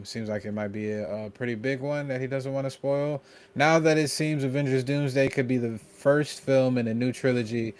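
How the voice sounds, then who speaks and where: Male podcast co-host, steady matter-of-fact reader, mid-range voice. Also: medium pitch. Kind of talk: casual podcast chat, reading out an article and Q&A.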